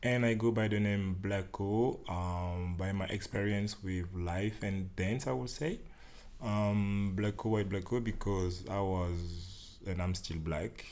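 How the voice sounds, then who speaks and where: A man's voice: low-pitched, steady tone, slow pace, darkish tone. A man. He is a podcast guest, chatting casually and chuckling often, with loose, rambling phrasing. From Central African Republic. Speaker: podcast guest, dance organizer. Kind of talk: casual interview chat.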